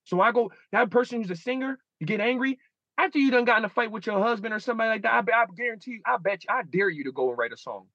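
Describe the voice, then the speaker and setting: Animated, husky-voiced man in his thirties. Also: high voice, very fast, dry recording, lo-fi sound. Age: 30s. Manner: animated storyteller acting out his own inner dialogue. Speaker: guest. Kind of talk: casual interview talk.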